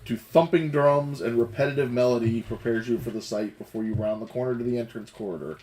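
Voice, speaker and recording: A man runs a tabletop game as its game master, with a mid-pitched, easygoing voice. He narrates scenes playfully and laughs often between lines. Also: fairly quick, darkish tone, slight background noise, rough recording.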